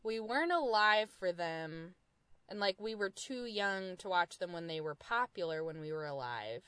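A woman's voice: on the low side, animated, normal speed, clear, resonant tone, no echo. A young American woman co-hosting a podcast, chatting casually in a thoughtful, hedging way. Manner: thoughtful, hedging, with soft laughs. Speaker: podcast co-host. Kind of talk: casual chat.

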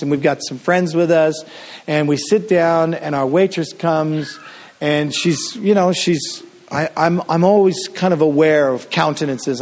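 A middle-aged male pastor from Canada delivers a sermon in a loose, conversational storytelling way. His voice sits a touch higher than most men's, and he often restarts his sentences.

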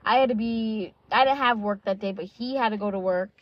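Speaking a little fast in a medium-pitched voice with no room sound, a woman vlogger in her twenties casually tells a personal story. She's blunt and candid, curses freely, uses lots of "like" and "um," and voices the quoted dialogue, on a dull lo-fi recording.

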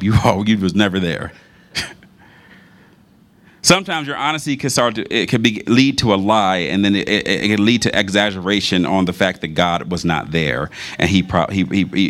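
Animated, low-voiced man preaching. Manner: conversational, animated storytelling with repetitions. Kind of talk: sermon.

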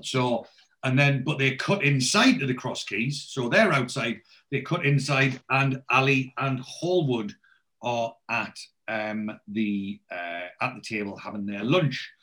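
A man's voice: mid-range voice, a little slow, sharp tone. A man in casual chat, retelling a TV episode scene by scene and lightly acting out the characters' lines.

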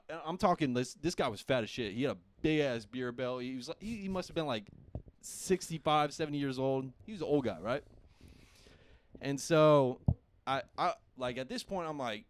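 A man's voice: mid-range voice, normal speed. Young man telling a rowdy story. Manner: animated, profane, laughing storyteller. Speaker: podcast host. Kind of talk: casual storytelling.

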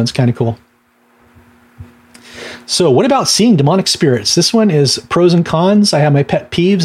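Man, middle-aged, minister, casual teaching talk, anecdotes with fillers, husky tone. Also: on the high side, darkish tone. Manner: conversational storytelling with laughs and fillers.

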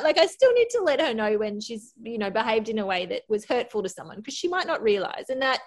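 A woman guest on a podcast, telling a personal story in a candid, lively way and often laughing. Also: a little high, quick pace, few pauses. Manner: candid, animated, laughs often, acts out quotes. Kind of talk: casual storytelling.

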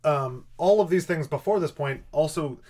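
A man's voice: on the high side, moderate pace, darkish tone. A man co-hosting a podcast in casual chat, rambling and hesitant with wry asides. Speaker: podcast co-host.

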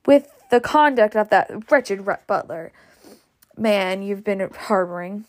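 A woman's voice: medium pitch, animated, slow. A woman voicing a stout, indignant older matron who scolds self-righteously.

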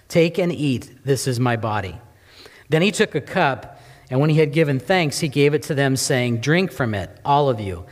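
A man reading scripture aloud and then preaching, earnest and full of rhetorical questions, his voice sinking low at the ends of phrases. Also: long reverb tail.

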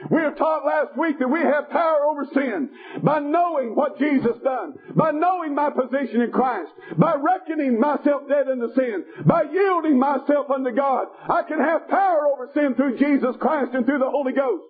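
A male preacher delivers a fiery revival sermon in rhythmic bursts of shouting and folksy grammar. His voice sits very high for a man. The sound is thin and tinny, as if heard over a phone line. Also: moderate pace.

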